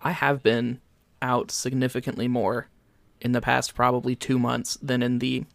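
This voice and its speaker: A man's voice: mid-range voice, little pitch movement, moderate pace, creaky, a bit bright, dry recording. Wry man co-hosting, dry close sound. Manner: wry, joking asides. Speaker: podcast co-host. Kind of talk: casual chat.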